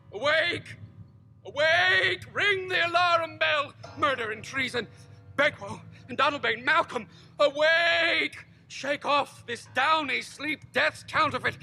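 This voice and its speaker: A man's voice: very high voice, vocal fry, sharp tone, full character voice. A horror-struck nobleman crying alarm. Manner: declaiming, crying out at full voice. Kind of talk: Shakespearean stage acting.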